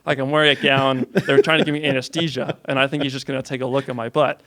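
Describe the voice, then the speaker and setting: Young man with a gravelly, rambling voice. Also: mid-range voice, level tone, quick pace, a bit bright. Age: young adult. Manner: rambling, says "like" a lot, laughs through his story. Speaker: podcast guest. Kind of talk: casual storytelling.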